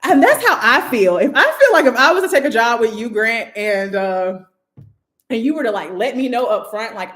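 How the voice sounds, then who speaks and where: A woman's voice: a little high, expressive, moderate pace, a bit bright, reverberant. A woman hosting and moderating a casual livestream discussion, talking loosely with lots of "like" fillers. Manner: loose, chatty, full of "like" fillers. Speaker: host and moderator.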